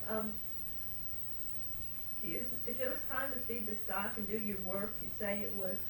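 A woman's voice: mid-range voice, a little slow, pauses often. A woman interviewer asking prompting questions and leaving sentences open for the other person to finish. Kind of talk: dialect survey interview. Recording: roomy, hissy old tape.

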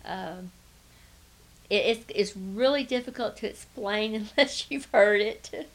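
With a mid-range voice and a measured pace, a woman from Atlanta, Georgia answers a casual oral-history interview in a Southern accent. She rambles hesitantly and keeps starting over.

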